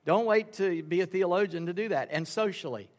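A man's voice: high-pitched, fairly quick. A man preaching a sermon as pastor, telling folksy stories and acting out the people in them. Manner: folksy storytelling, acts out dialogue in quoted voices. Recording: reverberant sanctuary sound.

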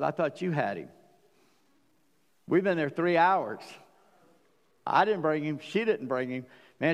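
Gravelly male pastor in a reverberant hall. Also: on the high side. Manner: storytelling, joking asides, shifts between loud and quiet. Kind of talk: sermon.

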